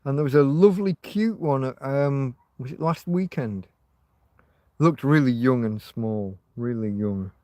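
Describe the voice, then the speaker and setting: A man's voice: mid-range voice, unhurried, mellow, no room sound, studio quality. A man hosting a casual livestream, rambling and chatting to his viewers with frequent restarts. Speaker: livestream host.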